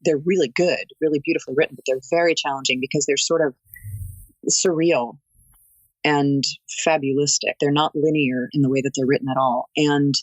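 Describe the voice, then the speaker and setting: A woman audiobook narrator talking as a guest in an interview, articulate and expressive like a storyteller. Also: sits low, fairly quick, dry recording, lo-fi sound. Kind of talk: interview conversation.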